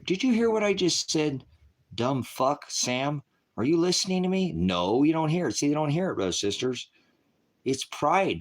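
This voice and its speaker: A man ranting angrily on a live stream, swearing heavily and preaching to his viewers as brothers and sisters. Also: sits low. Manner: profane, heated, scolding. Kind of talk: angry live-stream rant.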